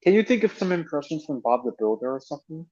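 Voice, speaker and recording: A man's voice: a little high, sing-song, fast talker, darkish tone, slightly rough. A man hosting a casual voice-chat stream, chatty and enthusiastic, often laughing. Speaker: stream host. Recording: lo-fi online voice chat.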